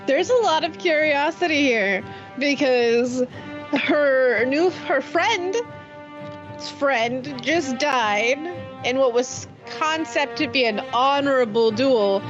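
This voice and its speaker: Casting: woman player, high voice, slow and thoughtful, dull sound with music behind. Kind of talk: describing her character in a game.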